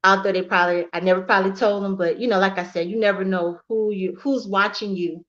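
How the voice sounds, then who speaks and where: A woman's voice: mid-range voice, fairly even intonation, fast talker. Encouraging woman guest on muffled audio. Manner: warm, encouraging, emphatic praise. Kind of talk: casual live-stream chat. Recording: slightly dull lo-fi audio.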